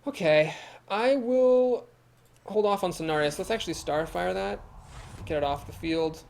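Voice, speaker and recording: A young man from Ohio speaks at a measured pace in a high yet gravelly voice with a darkish tone. With his Midwestern American accent, he streams a card game, thinking aloud, reading chat comments, and laughing easily as he answers.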